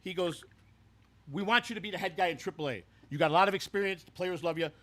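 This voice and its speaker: A man's voice: high-pitched, quick pace, fairly bright tone. A man playing a brash, foul-mouthed former baseball clubhouse worker who rambles through stories and trips over repeated words. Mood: boastful. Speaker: host. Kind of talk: scripted comedic character storytelling.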